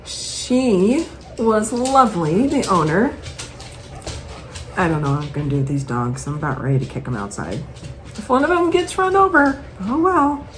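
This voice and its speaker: Chatty woman with a lively voice. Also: medium pitch, moderate pace, rough recording. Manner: chatty, rambling, animated storytelling. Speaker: host. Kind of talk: casual chat, showing purchases.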